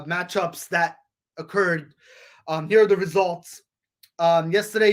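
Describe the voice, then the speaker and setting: Male podcast host, high-pitched, loose and rambling, lots of ums and restarts, reads sports scores to "folks.". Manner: rambling, frequent fillers and restarts; addresses listeners as folks, ladies and gentlemen.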